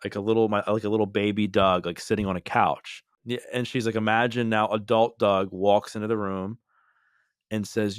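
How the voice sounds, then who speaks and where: A man's voice: fairly low pitch, fairly quick, no echo, clean studio sound. A man hosting a podcast, talking in an earnest, emphatic, casual interview style. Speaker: podcast host.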